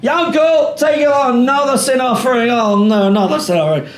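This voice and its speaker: A man playing a harried male head priest who calls out orders loudly and frantically. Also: very high-pitched, moderate pace, echoey room, a little hiss or hum, voice pushed up. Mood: frantic. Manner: loud, frantic calling out. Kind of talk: classroom role-play.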